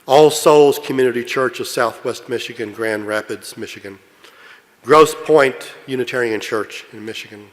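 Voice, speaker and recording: A man's voice: medium pitch, fairly bright tone. A man from Kentucky presiding at a meeting, reading a long list steadily and speaking off-script with many fillers. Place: large meeting hall. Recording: long hall reverb.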